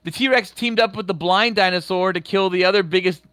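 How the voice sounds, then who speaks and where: A man in his thirties co-hosting a podcast, rambling and swearing as he tells animated stories in casual chat. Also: high-pitched, brisk, noisy background. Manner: rambling, profane, animated storytelling. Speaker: podcast co-host.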